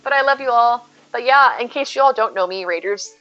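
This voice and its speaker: A woman livestreaming from home, chatting with her viewers in an excitable, over-the-top way. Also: on the high side, fairly quick, muffled recording, soft background music. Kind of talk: casual live game stream chat.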